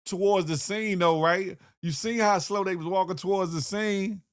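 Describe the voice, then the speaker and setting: A man's voice: high voice, fairly even intonation, normal speed, clear, resonant tone. A man hosting a morning show, giving playful, laughing comedic commentary. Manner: playful, laughing, slips into impressions.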